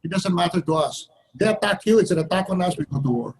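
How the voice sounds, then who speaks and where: A man's voice: high voice, lively intonation, fast, poor audio. An older man from the Philippines giving blunt, wry interview answers as a foreign minister, sometimes acting out the voices of others. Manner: blunt, wry, acts out others' lines with shifts in voice.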